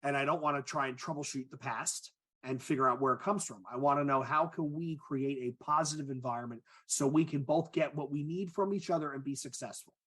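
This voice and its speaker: A man's voice: mid-range voice, brisk, a bit bright. A man in his forties, a podcast co-host and agile coach, telling stories in a candid, self-mocking way in casual chat. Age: 40s.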